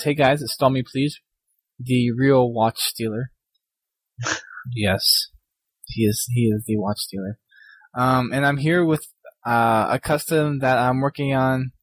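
A man's voice: medium pitch, no room sound. A young man co-hosting a casual gaming podcast, reading listener emails in a laid-back way. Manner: laid-back, laughs often. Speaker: podcast co-host.

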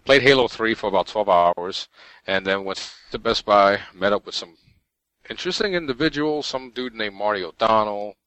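Excited man chatting on a podcast. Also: lowish voice, moderate pace, no echo, low-quality recording. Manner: excited, rambling, many restarts and laughs. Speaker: podcast co-host. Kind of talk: casual chat.

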